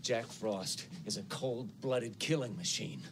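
An actor playing a grim man who briefs a group in a flat, matter-of-fact way, from a noisy film soundtrack. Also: fairly low pitch, slow pace. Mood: briefing.

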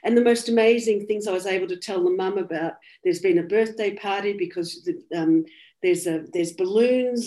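An Australian woman, a medium, earnestly retelling a reading in an interview and quoting what was said. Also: mid-range voice. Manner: earnest, soft-spoken retelling with quoted dialogue. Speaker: medium, guest. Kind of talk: personal storytelling in interview.

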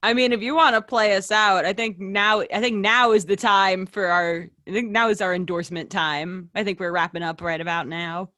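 A woman's voice: medium pitch, fairly even intonation, sharp tone, no echo, studio quality. A woman directing a podcast, chatting casually in a group call, rambling with laughs and restarts. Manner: rambling, laughing, quick self-corrections.

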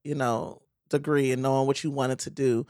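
A man's voice: medium pitch, level tone, normal speed, darkish tone, clear, resonant tone, no echo, studio quality. A man co-hosting a podcast, chatting casually and teasing his guest while laughing along with him. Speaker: podcast co-host. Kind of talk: casual chat.

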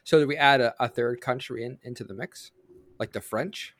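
A man co-hosting a podcast in casual chat, pitching story ideas with many fillers. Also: normal speed, no echo. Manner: pitches ideas, lots of "like" and restarts. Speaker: podcast co-host.

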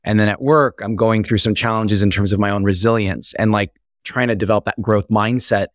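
Earnest low-voiced male host. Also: fairly even intonation, fairly quick, no echo, studio quality. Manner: earnest, personal sharing. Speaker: podcast co-host. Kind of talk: interview conversation.

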